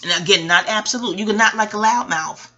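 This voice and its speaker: A woman's voice: mid-range voice, brisk, bright, forceful tone, highs cut off. A woman podcast host and astrologer talking in a rambling, digressive chat, swearing freely. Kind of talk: casual chat.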